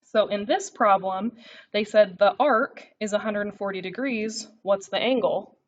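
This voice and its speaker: A woman teaching a recorded math lesson, working through notes as she writes. She keeps checking in with her students with a quick "okay?". The recording sounds a little dull and lo-fi. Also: medium pitch. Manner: talks while writing, frequent "okay?" check-ins.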